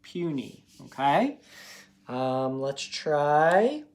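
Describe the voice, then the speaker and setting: A man's voice: on the high side, big pitch swings, extremely slow, darkish tone, slight background noise. A man teaching a recorded phonics lesson to young students. He talks patiently and encouragingly and sounds out words part by part.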